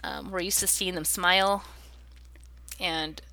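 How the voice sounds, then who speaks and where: A woman's voice: on the low side, fairly even intonation, measured pace, bright, forceful tone. A woman in her thirties, an interview guest, telling a personal story in an earnest, reflective way.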